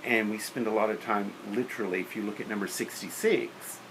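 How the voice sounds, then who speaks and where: A man's voice: on the low side, steady tone, a little fast, background noise. A man lecturing on teaching beginner band, practical and opinionated, counting and singing rhythms aloud. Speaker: music teacher.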